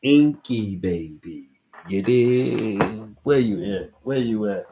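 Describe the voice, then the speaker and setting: Deep-voiced Southern man, rambling and emphatic. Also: expressive, measured pace, noisy background. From Southern United States. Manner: rambling, emphatic, swears freely. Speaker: podcast host. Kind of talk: casual book review monologue.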